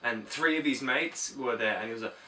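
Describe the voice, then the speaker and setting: Aussie guy playing a rambly self-absorbed dude who won't stop talking, quiet and mumbly, bright tone. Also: mid-range voice, a little fast, reverberant, slight background noise. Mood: rambling. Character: rambling, oblivious young man stuck in a one-sided chat. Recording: distant from the mic.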